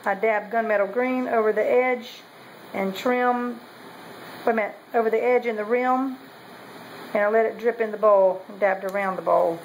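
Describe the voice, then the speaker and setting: A woman's voice: medium pitch, steady tone, normal speed, slight background noise, poor audio. A woman, talking casually in a meandering way with many ums and self-corrections as she shows her pottery. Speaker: potter showing kiln results. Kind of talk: casual show-and-tell vlog.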